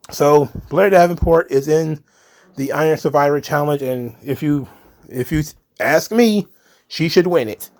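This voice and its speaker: A man's voice: fairly high pitch, darkish tone. A man hosting a casual solo wrestling commentary, opinionated and rambling, with frequent fillers and restarts. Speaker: wrestling commentary channel host.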